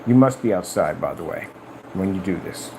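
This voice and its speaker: A man talking casually on a live stream about his company's products, boastful and animated, often acting out conversations in a raised voice. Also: moderate pace, background noise. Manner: animated, boastful, retells conversations in high-pitched quoted voices.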